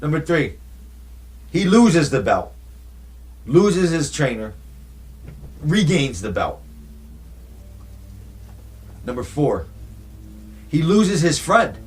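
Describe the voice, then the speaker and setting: Man, fairly high voice, animated, slangy, casual storytelling. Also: slow pace, pauses often, soft background music. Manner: animated, slangy, rhetorical questions. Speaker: movie commentator.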